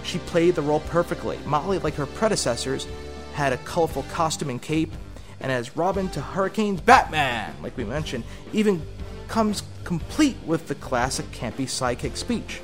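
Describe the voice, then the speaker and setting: A man with a slightly high voice reads upbeat, informative narration about wrestling history. Loud backing music plays clearly under his words. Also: animated, normal speed. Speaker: documentary narrator. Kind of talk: scripted narration.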